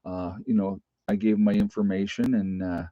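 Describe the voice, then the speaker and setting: In dull lo-fi stream audio with no echo, a middle-aged man chats casually on his livestream from a rural home. His voice is fairly low and dark, with fairly even intonation at a normal speed, and his talk is rambling, folksy and full of fillers.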